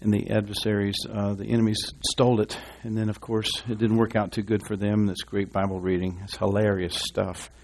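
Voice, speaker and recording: A man with a lowish voice preaches to his congregation in a relaxed, folksy way. He wanders off into asides and restarts, then reads scripture aloud. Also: brisk, hardly any pauses, slight background noise. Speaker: pastor. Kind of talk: sermon. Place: church.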